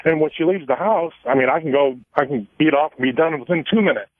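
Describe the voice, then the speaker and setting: A man calling a radio show, talking in a halting, embarrassed way. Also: on the high side, no room sound. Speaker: caller. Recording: tinny phone line.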